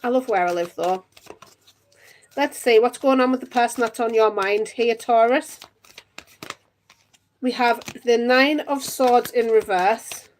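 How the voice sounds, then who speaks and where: A woman in her thirties from Northeast England, with the region's accent, reads tarot on a live stream and chats with viewers, giggling a lot. Her voice sits a little high and moves at a measured pace with frequent pauses. There's slight background noise.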